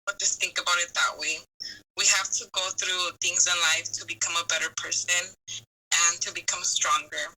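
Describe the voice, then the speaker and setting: A woman's voice: lowish voice, steady tone, normal speed, bright, forceful tone, poor audio. A young woman chatting as a podcast guest, earnest and affectionate, with many fillers and restarts. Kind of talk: casual heartfelt chat.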